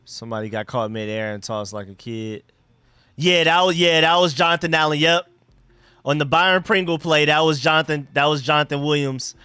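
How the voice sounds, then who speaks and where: A man hosting a casual live football stream, chatting excitedly with viewers and reacting to plays. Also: on the high side, fairly quick, clear, resonant tone, dry recording. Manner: excited, chatty, talks to chat and his dogs. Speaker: livestream host.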